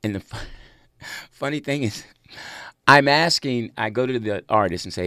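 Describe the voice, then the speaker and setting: A man who is a comedian guest in a radio studio, chatting casually and telling stories in an animated way. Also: mid-range voice, moderate pace, clear, resonant tone, dry recording. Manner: animated storyteller, lively asides.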